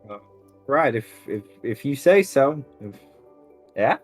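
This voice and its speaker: Hesitant male player with lively pitch. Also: slow, breathy edge, soft background music. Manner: hesitant, stammering. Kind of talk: casual game play.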